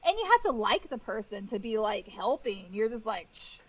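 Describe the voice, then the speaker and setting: A woman in her thirties, a guest cake decorator in a casual interview, telling lively stories and acting out what people said. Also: mid-range voice, moderate pace, slightly rough, lo-fi sound. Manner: animated storytelling with acted-out quotes and laughs.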